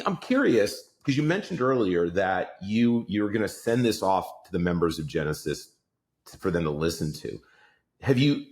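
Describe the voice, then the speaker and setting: Low-voiced guy host asking questions, repeats himself, pitch moves around a lot. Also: darkish tone. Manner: hesitant, repeats words when asking. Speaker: podcast host. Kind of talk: interview questions.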